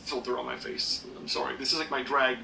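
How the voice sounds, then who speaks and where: A man's voice: mid-range voice, steady tone, a little fast, vocal fry, pushed and bright, a little hiss or hum. Rambling man in an echoey room. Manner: rambling, self-deprecating, many fillers. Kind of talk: casual rambling vlog rant. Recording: echoey room, mic at a distance.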